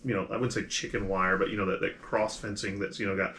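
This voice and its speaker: Bright-voiced man running a tabletop game. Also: on the low side, steady tone, quick pace, a little hiss or hum. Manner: casual, rambling with many fillers. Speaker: game master.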